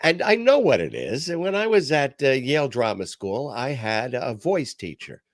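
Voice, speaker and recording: An older man hosts his talk podcast with lively, swooping pitch. He tells stories with self-deprecating humor. The sound is close and dry, with no room around it. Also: moderate pace, dry recording. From New York. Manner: storytelling, animated and self-deprecating. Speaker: podcast host. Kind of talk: casual chat.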